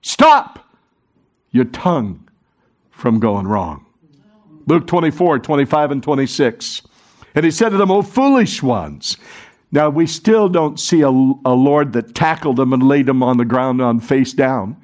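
A middle-aged man preaching a sermon, animated and urging the congregation to join in. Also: mid-range voice, unhurried. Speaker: pastor.

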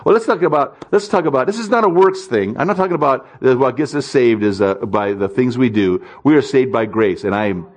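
A man delivering a sermon at an ordinary pitch, sounding like he is chatting rather than orating. He tells stories with a self-deprecating touch and slips into the voices of the people in them. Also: expressive, a little fast, hardly any pauses. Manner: conversational, self-deprecating storytelling; acts out quoted voices in stories. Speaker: pastor.

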